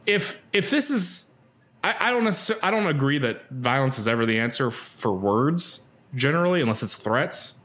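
A man of middle pitch hosting a casual podcast. He talks in an animated, opinionated way and often fills his sentences with "like". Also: normal speed. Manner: animated, opinionated, many "like" fillers. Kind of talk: casual discussion.

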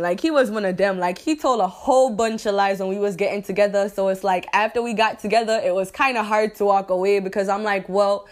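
Slangy young woman telling stories. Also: medium pitch. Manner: slangy, profane and animated, laughs often, keeps asking "you dig?". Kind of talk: casual storytime chat.

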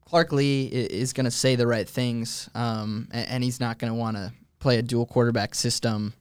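Young man hosting a relaxed sports chat. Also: medium pitch, smooth, no room sound, clean studio sound. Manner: thoughtful, fills pauses with "um". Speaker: host. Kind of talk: casual sports talk.

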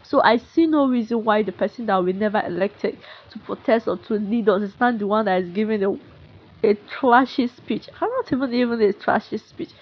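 A young woman with a Nigerian accent, speaking in a frustrated, halting monologue full of restarts and sighs. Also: mid-range voice, husky, muffled recording. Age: young adult. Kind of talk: emotional unscripted monologue.

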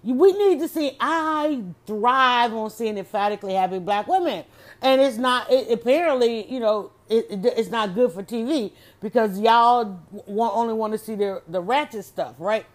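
Woman, casual solo chat, lively and exclamatory, slightly high voice, lots of restarts. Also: moderate pace. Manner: animated, exclamatory, many restarts.

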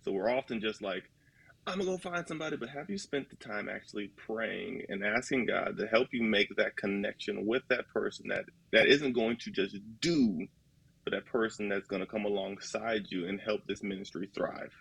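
A man's voice: fairly low pitch, moderate pace, creaky, fairly bright tone, breathy edge, dry recording, rough recording. A man in casual podcast talk about ministry, earnest and folksy, acting out little dialogues. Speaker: ministry leader guest.

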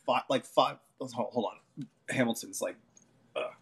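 A man co-hosting a casual podcast chat, speaking in a gentle, encouraging, playful way. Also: mid-range voice, a little slow. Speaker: podcast co-host.

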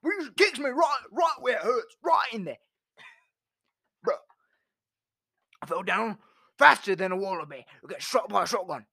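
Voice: medium pitch, lively intonation, moderate pace, vocal fry, pauses often, pushed and bright, slightly rough, exaggerated voice. A person putting on an Australian accent to play a brash bloke spinning a rambling yarn. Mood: boisterous. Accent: Australian, put on.

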